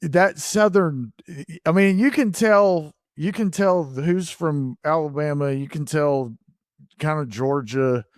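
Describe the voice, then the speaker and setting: A man co-hosting a casual podcast chat, talking in a halting way that trails off and restarts. His fairly high voice sounds dry and close. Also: no echo. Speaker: podcast co-host.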